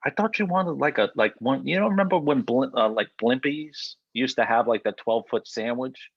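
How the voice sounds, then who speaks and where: A man co-hosting a casual podcast, teasing his friend in a deadpan way, with a slight lisp from a bitten tongue. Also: mid-range voice, normal speed, vocal fry, breathy edge, no echo, lo-fi sound. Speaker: podcast co-host. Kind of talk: casual joking chat.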